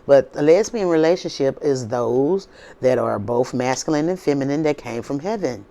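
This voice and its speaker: A spiritual video host, a woman with a bass voice, speaks to her channel's viewers at a normal speed in an animated, mellow way. Her talk is casual but preachy, drawling and informal, full of repetition and rapid rhetorical questions.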